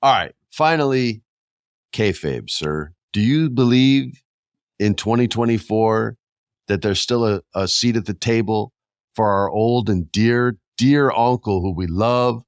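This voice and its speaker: A middle-aged man hosting a casual podcast, animated and jokey, often jumping his pitch for emphasis. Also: unhurried, clean tone, dry recording, clean studio sound. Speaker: podcast host.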